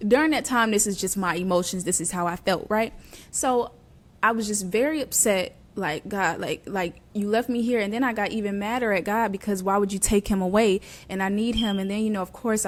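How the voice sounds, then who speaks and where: A young woman hosting a podcast, telling her personal faith testimony in an earnest, conversational way with plenty of casual fillers. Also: medium pitch. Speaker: podcast host.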